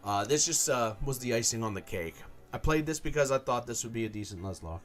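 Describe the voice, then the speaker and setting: A man streaming a video game, talking in a halting, angry, exasperated way, swearing often and restarting his sentences. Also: mid-range voice, animated, soft background music. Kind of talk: frustrated gameplay commentary.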